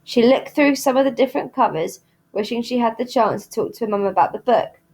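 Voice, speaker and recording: A woman reads a children's novel aloud. Her storytelling is clear and steady, and her voice sits a little high. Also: brisk. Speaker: reader at a school.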